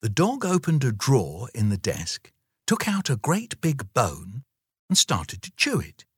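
A man reading a children's story aloud with lively storytelling. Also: mid-range voice, a little slow, breathy edge, no echo, clean studio sound.

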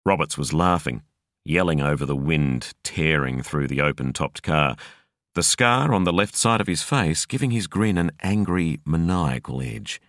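Very deep-voiced male audiobook narrator. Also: no room sound, studio quality. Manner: measured, expressive storytelling.

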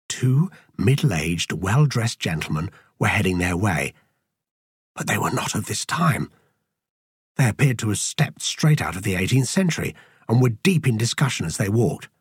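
A man narrating an audiobook in a measured, even storytelling manner. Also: on the low side, slightly rough, dry recording, studio quality. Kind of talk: scripted narration.

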